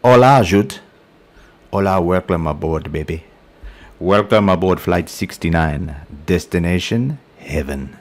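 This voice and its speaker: A man's voice: sits low, expressive, a little slow. Man putting on a cheesy flirty flight-host accent. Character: cheesy smooth-talking male flight host, mock accent.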